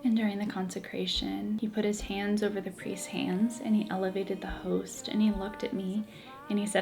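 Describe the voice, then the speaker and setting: A woman's voice: mid-range voice, little pitch movement, moderate pace, gravelly, darkish tone, soft background music. A woman giving an earnest, emotional personal testimony, building her story with repeated phrases. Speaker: Catholic convert telling her story.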